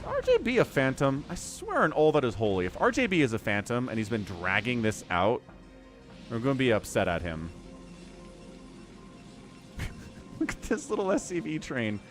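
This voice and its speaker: A man's voice: medium pitch, huge pitch swings, normal speed, long pauses, soft background music. A man casting a strategy game on a live stream, chatty, laughing often and greeting viewers. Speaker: game caster.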